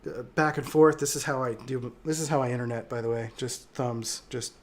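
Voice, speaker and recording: A man's voice: medium pitch, fairly even intonation, moderate pace. A man hosting a casual livestream, reading viewer comments and talking reflectively with frequent hesitations and fillers. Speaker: livestream host.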